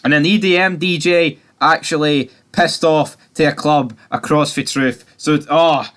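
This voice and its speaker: A man giving a casual spoken recap of a TV season, ranting animatedly and swearing a lot. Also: measured pace. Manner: animated, sweary ranting with sudden jumps in pitch. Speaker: TV review host.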